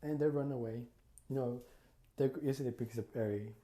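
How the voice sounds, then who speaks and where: A man's voice: medium pitch, steady tone, fairly quick, warm tone, roomy sound. A man casually retelling a fan story, rambling with lots of fillers and acting out the quotes. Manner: rambling, full of "you know" and "like", acts out quotes.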